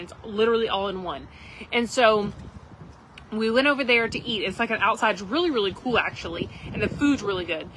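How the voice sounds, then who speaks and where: A woman with a fairly high, bright voice and a forceful tone tells a rambling story to live viewers outdoors at a campground. She's chatty and keeps saying "like" and "literally," and the rough recording carries slight background noise.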